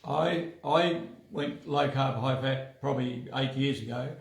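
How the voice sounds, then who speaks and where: Gravelly-voiced man, echoey room. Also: mid-range voice, fairly even intonation, unhurried. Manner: easygoing, repeats words when starting. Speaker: wellness centre co-host. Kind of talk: casual health chat.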